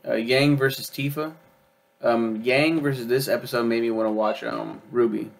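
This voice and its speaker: A man's voice: mid-range voice, little pitch movement, normal speed, vocal fry. A young man chatting casually as he reviews a show, rambling with lots of ums and uhs and swearing freely. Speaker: video reviewer. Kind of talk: casual chat.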